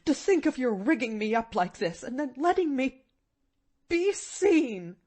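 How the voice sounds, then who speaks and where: A stern aunt's voice, indignant and scolding, with a mellow, darker tone, as a woman reads her aloud. The delivery moves a lot in pitch. It is spoken slowly. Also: big pitch swings, heavily acted. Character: stern, proud older aunt.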